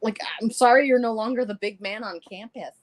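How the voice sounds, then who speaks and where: A woman's voice: fairly high pitch, fairly quick. A woman with a Minnesota accent calling in to a show, chatty and sarcastic, laughing between her points. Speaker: caller. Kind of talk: casual call-in chat.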